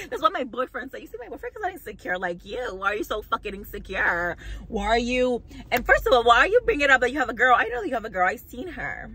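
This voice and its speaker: A woman's voice: on the high side, very animated, fast, pushed and bright, slightly rough, poor audio. A young woman vlogger telling a storytime rant to camera, heated, mocking and full of swearing.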